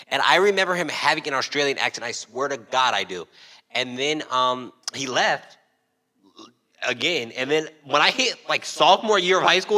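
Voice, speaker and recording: A man's voice: a little high, lively intonation, normal speed, sharp tone. A young man co-hosting a podcast, telling stories in casual chat and acting out the voices of the people he quotes. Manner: joking storyteller who acts out quoted voices. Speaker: podcast co-host.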